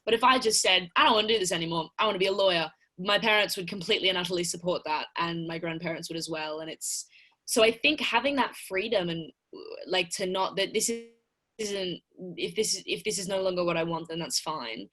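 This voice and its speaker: Bright-voiced young woman. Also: on the low side, fairly quick. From Australia. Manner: earnest, animated, with frequent restarts. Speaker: actress interviewee. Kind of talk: casual press interview.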